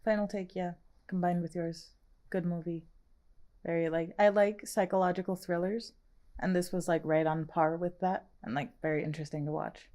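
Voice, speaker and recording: A woman's voice: lowish voice, fairly even intonation, moderate pace, warm tone. A woman hosting a casual movie podcast, chatty and loose, with lots of filler words. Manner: chatty, filler-heavy, laughs easily. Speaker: podcast host. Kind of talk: casual chat.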